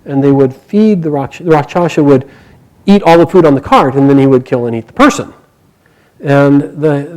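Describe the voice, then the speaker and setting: A man telling a myth aloud to a live group, animated and chuckling along with the story. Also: medium pitch, rough recording.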